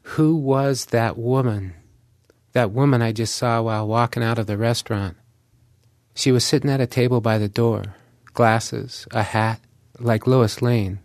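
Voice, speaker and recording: A man's voice: medium pitch, steady tone, measured pace, darkish tone, no room sound, studio quality. A man narrating a short first-person reflective story in a plain, musing manner. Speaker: radio contributor.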